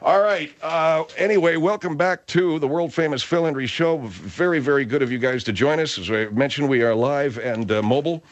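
A man hosting a talk radio show, riffing with animated comic exaggeration. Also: a little high, fairly quick, few pauses. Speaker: radio host.

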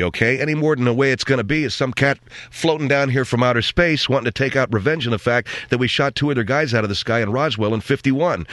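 Man, talk host, mocking rambling monologue, crisp bright tone, dry close sound. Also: mid-range voice, dry recording. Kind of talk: opinion monologue.

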